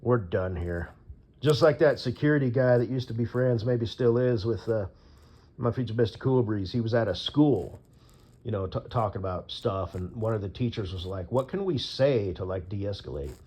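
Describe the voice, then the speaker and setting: A man's voice: mid-range voice, moderate pace, warm tone. A man ranting in a rambling, profane commentary, full of "you know" fillers. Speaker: vlogger.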